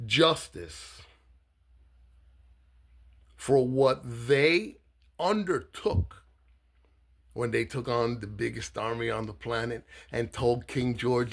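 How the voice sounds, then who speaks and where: A Cuban-born man, a political candidate, giving a profane, blunt political monologue that swings between low asides and shouting. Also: slow pace, gravelly, long pauses. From Cuba.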